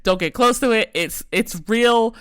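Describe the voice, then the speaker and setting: A woman's voice: a little high, a little slow, fairly bright tone, clean tone, dry recording, studio quality. A young woman hosting a podcast, telling a story in a casual, rambling way full of "like" fillers. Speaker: podcast host.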